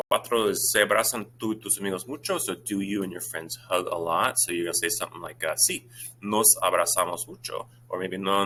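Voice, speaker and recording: A man, a Spanish teacher talking his students through exam questions in a brisk, informal way with many fillers. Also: low voice, sharp tone, slight background noise.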